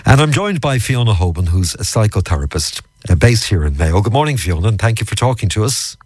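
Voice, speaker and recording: Brief: male radio host, lowish voice, swinging intonation, friendly chat, dry studio. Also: a little fast, slightly rough, no room sound. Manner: friendly, lively, conversational. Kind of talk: radio interview.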